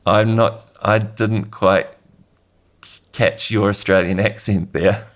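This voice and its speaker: A man with a New Zealand accent, a medical researcher answering interview questions in a good-humoured, measured way. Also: on the low side.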